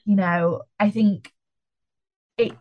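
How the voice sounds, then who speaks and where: A woman's voice: mid-range voice, steady tone, slow, highs cut off. A young woman co-hosting a film review podcast, chatting enthusiastically and saying "like" a lot. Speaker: podcast co-host. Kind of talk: casual film review chat.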